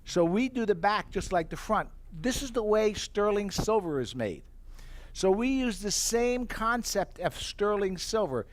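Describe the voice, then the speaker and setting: A middle-aged man giving a live sales pitch for tableware, an animated storyteller who acts out his own reactions. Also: a little slow.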